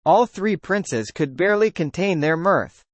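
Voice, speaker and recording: A man's voice: sits high, animated, a little slow, dry recording. A man narrating a documentary, telling a first-person anecdote and voicing the quoted dialogue in it. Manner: storytelling that voices quoted dialogue.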